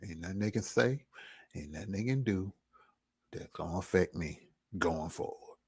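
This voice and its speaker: A man vlogging a personal testimony in an earnest, reflective storytelling manner, casual in speech and at times dropping to a near hush. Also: low-pitched, expressive, normal speed, husky.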